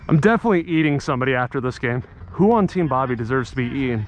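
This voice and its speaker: A man vlogging from an outdoor softball field, joking with teammates and yelling at big plays. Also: a little high, animated, a little fast, slight background noise. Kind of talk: excited play-by-play banter.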